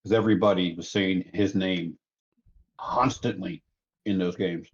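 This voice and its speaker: A man in casual podcast chat, joking and mimicking others in an animated way. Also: sits low, measured pace, highs cut off, a little hiss or hum.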